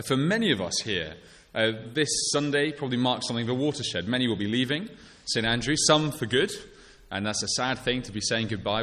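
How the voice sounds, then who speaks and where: A preacher in a reverberant church. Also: male voice, mid-range voice, a bit bright. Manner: measured, conversational, with frequent fillers and restarts. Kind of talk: sermon.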